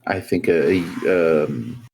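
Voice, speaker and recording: A man co-hosting a casual gaming podcast, relaxed and joking, a little sleepy and yawning as he acts out other players. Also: rumbling low, takes it slowly, gravelly, breathy edge. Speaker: podcast co-host.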